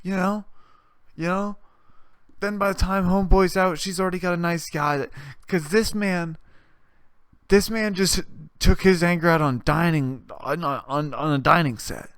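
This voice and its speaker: A man's voice: high voice, a little slow, clean tone, dry recording, clean studio sound. Rambling, profane young man telling stories. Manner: rambling, profane, animated retellings with restarts. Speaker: podcast host. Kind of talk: casual storytelling monologue.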